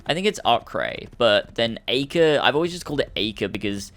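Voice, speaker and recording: A man's voice: mid-range voice, animated, normal speed, a bit bright. A young man hosting a let's play, rambling through casual gameplay commentary and swearing often.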